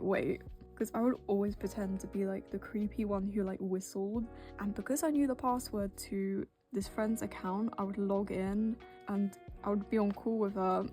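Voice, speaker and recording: A young British woman whose accent keeps drifting toward American, talking in a mellow, rather dark voice. She rambles and pokes fun at herself, late-night tired, over faint background music. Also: mid-range voice. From Britain. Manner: rambling, self-deprecating, full of "like" fillers. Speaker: art vlogger. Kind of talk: casual chatty voice-over while drawing. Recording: soft music bed behind.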